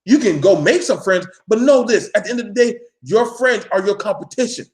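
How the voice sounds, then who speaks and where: A man with a high voice for a man, ranting live to his viewers. He is blunt, preachy and swears freely, hammering his point again and again like a street-corner lecture. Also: animated, brisk, darkish tone. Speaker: vlogger addressing his viewers.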